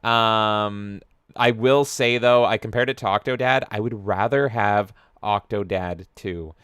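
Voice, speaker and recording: Man, podcast co-host, casual live chat, animated, swears a lot, smooth resonant voice, dry close sound. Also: on the low side, measured pace, no room sound. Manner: animated, swears often, jokey.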